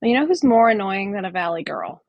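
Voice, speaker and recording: A woman's voice: mid-range voice, big pitch swings, fast, gravelly, no room sound, dull audio. A woman co-hosting a podcast, chatting casually in a blunt, joking way and laughing often. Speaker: podcast co-host. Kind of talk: casual chat.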